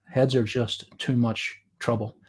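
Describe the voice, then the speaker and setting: A man's voice: mid-range voice, level tone, unhurried, breathy edge. A man with an Irish accent, a guest artist chatting and explaining while he draws on a livestream. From Ireland. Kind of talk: drawing demo chat on a livestream.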